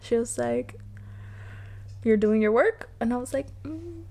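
Gravelly young woman telling stories. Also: on the high side, a little slow. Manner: animated storytelling, frequent laughter, casual swearing. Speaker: podcast co-host. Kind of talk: casual chat. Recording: faint background noise.

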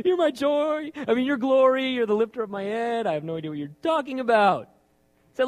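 A man's voice: sits high, quick pace. A man preaching a sermon in a conversational way, asking rhetorical questions and acting out lines of dialogue. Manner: animated, acts out his own and God's lines.

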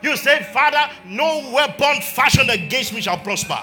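A man's voice: very high voice, animated, normal speed, soft background music. A man, a pastor preaching a sermon and calling his congregation to repeat declarations after him. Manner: calls the congregation to repeat declarations, swings from quiet talk to shouting.

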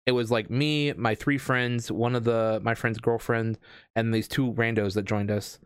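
A man telling a long story in casual chat, rambling with lots of fillers and restarts, getting animated. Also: medium pitch, a little slow, clean tone, no room sound, studio quality. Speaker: escape room game host.

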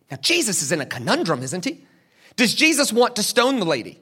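A man's voice: sits high, wildly swooping pitch, fairly quick, a bit bright, husky. A man preaching a sermon as pastor. He asks the crowd questions, answers them himself, and acts out the people in the story.

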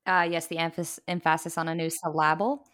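A woman co-hosting a film podcast with a slightly low voice. She talks in an easygoing, casual way, laughing easily and reading out film details between remarks. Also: level tone, fairly bright tone. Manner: easygoing, quick to laugh, reads a synopsis. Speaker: podcast co-host. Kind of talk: casual film-review chat.

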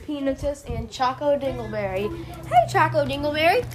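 Rambling goofy podcast host, high voice. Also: female voice, animated, moderate pace, crowd noise. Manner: goofy, rambling, switching between playful character voices. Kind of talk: silly improvised kid podcast. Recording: noisy home recording with clicks.

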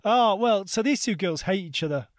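A man in his thirties co-hosting a comedy podcast, telling animated stories and swearing freely. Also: sits high, moderate pace, dry recording, studio quality. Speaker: podcast co-host. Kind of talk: casual comedic chat.

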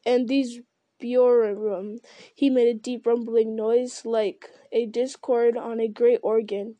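A woman reads a fantasy novel aloud in calm storytelling, now and then stumbling on a word. Her voice is mellow and a little high, in a close, dry recording. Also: a little slow, no room sound, highs cut off. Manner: calm storytelling with small slips. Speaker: reader.

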